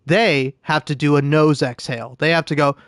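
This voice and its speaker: A man's voice: on the high side, steady tone, moderate pace, no echo, studio quality. A man giving profane, ranting gameplay commentary, often laughing at his own jokes. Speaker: gameplay streamer.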